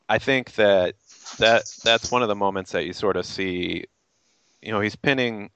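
A man discussing a film in casual chat, speaking in a measured, thoughtful way. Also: deep voice, gravelly, fairly bright tone, dry recording. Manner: measured, thoughtful, many backchannels. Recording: dull lo-fi sound.

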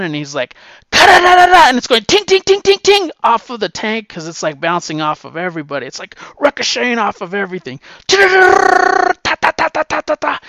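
A man's voice: a little high, pushed and bright, no room sound. A man retelling a war comic's plot in a casual, rambling way, with restarts and profanity. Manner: rambling, with many fillers and restarts. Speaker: guest answering a question. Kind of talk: casual storytelling. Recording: dull, slightly lo-fi dry sound.

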